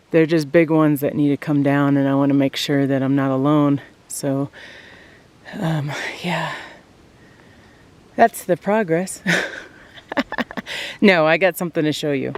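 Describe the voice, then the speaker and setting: Out of breath while climbing a snowy mountain hillside, a vlogger shows off their land and chats casually to the camera, laughing often and speaking straight to viewers. The voice is medium in pitch and a little mellow.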